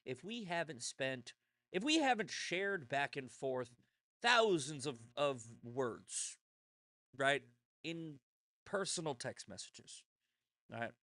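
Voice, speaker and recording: A man's voice: on the high side, big pitch swings, slow pace, pauses often, pushed and bright, dry recording. A man hosting his own show, talking in a blunt, rambling, profane monologue full of restarts. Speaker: show host. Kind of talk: casual monologue.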